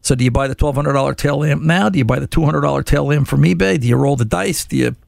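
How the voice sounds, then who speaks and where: A man's voice: mid-range voice, fast, gravelly, dry recording, studio quality. A man hosting a car repair radio show, telling a story in a chatty, exasperated way and often repeating words. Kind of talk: radio call-in talk, storytelling.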